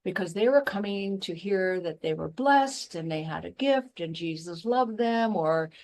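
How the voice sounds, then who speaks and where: A woman guest, once a professor, speaking in a blunt, emphatic and animated way in a passionate interview conversation. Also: fairly low pitch, unhurried. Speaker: guest, former professor and intuitive.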